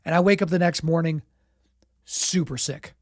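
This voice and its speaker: A man with a sore, sick throat, casually telling a story as podcast host, relaxed and self-deprecating with lots of "you know" and "like". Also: a little high, moderate pace, no room sound, studio quality.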